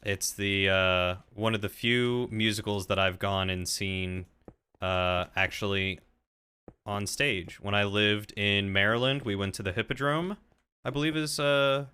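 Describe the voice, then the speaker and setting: A man with a bright, crisp voice chats casually on a stream with a friend. His pitch sits a bit low, and he keeps the talk friendly and joking. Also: fairly even intonation, a little slow. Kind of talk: casual chat.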